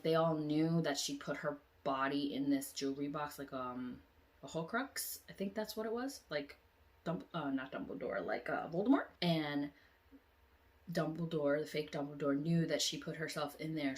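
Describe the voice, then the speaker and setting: A woman vlogger casually retelling a dream, animated, often acting out lines in squealing high voices or dropping to whispers, with many "like" fillers. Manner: drops into quiet whispers; frequent "like" fillers. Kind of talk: casual dream storytelling vlog.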